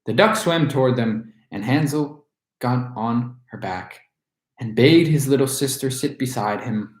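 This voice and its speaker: A man reading a fairy tale aloud as a storyteller, in an expressive way. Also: medium pitch, unhurried. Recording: roomy echo.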